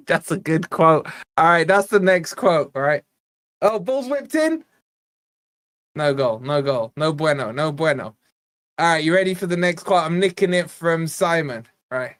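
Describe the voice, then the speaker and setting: A chatty man hosts a live football watch-along stream. He teases his viewers in loose, casual banter and then snaps into quick bursts of match commentary. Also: fairly high pitch, a bit bright, no echo. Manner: chatty, teasing, jumps between quiz talk and play-by-play. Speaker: fan channel host doing live match watch-along.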